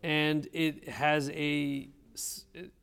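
Gravelly man teaching a study session. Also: fairly high pitch, level tone, very slow, a bit bright, in a large hall. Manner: mixes Hebrew terms into English, thinks aloud, asks questions.

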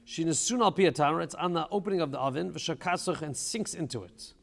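A man's voice: on the high side, fast talker, creaky, in a large hall. A man teaching a casual study session, thinking aloud and asking questions, with Hebrew terms mixed into his English.

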